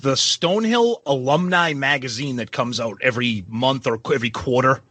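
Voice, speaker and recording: A man's voice: mid-range voice, moderate pace, a bit bright, no room sound. A man in his forties co-hosting a podcast, casually telling self-mocking stories. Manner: joking, self-mocking storyteller. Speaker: podcast co-host. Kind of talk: casual chat.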